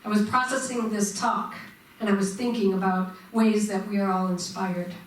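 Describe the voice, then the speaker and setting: A woman's voice: medium pitch, fairly even intonation, moderate pace, recorded from a distance. A woman minister giving a sermon to her congregation, engaging them with questions. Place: church sanctuary. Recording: echoey church room, mic from afar.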